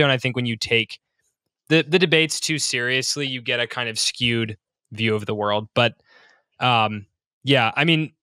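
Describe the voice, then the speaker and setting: A man co-hosting a podcast, talking in a measured, hedging way with frequent ums. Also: medium pitch, sharp tone, clear, resonant tone, no echo. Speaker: podcast co-host. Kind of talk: casual podcast chat.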